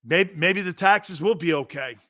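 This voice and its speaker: A man's voice: sits high, a little slow, fairly bright tone, no echo, clean studio sound. A man hosting a sports talk show, delivering a brash, opinionated monologue full of rhetorical questions and slang.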